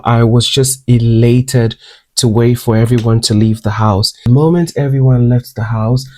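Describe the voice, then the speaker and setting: Mellow-voiced Ghanaian man telling his story. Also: medium pitch. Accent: Ghanaian English. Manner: expressive, switches into lively quoted voices. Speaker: makeup artist and singer. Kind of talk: personal storytelling vlog.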